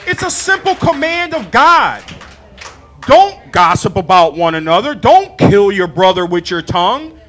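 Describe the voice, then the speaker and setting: A man preaching a sermon to his church, animated and laughing, acting out his talks with God. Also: sits high, a little slow. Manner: animated, acts out dialogue with God, laughs often.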